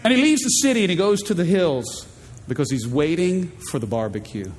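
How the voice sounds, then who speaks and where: A man preaching a sermon as pastor, animated and playful, acting out voices in the stories he tells. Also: fairly quick, in a large hall, slight background noise. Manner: animated, acts out quoted voices in high pitch.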